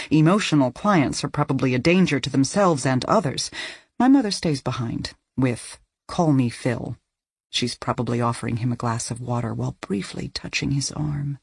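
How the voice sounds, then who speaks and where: A woman's voice: extremely low pitch, darkish tone, husky, no room sound, clean studio sound. A woman reading a first-person thriller audiobook, with tense, emotional delivery. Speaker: audiobook narrator.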